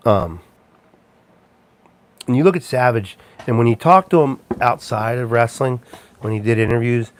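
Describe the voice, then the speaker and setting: A man's voice: mid-range voice, normal speed, pauses often, a little hiss or hum. A man hosting a casual livestream chat, rambling and chuckling, with plenty of ums and restarts. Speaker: live show host.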